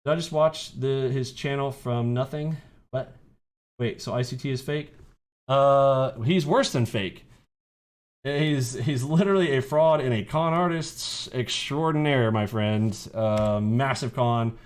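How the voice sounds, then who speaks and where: A man's voice: medium pitch, unhurried. A man hosting a casual livestream on trading, brash and mocking, rambling as he takes questions from callers. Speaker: trading mentor and show host.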